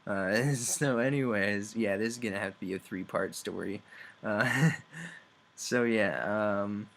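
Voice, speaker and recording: A young man recaps a game's story in a loose, rambling way, with lots of ums and uhs and chuckles. His voice sits fairly low, and he takes his time. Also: slow, gravelly, a bit bright. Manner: rambling, many fillers, chuckles often. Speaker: game reviewer. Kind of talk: casual video game review.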